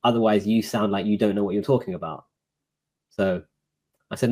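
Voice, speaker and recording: Low-voiced man telling a story casually. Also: fairly quick. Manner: relaxed, filler-heavy, recounting a court dialogue. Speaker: guest.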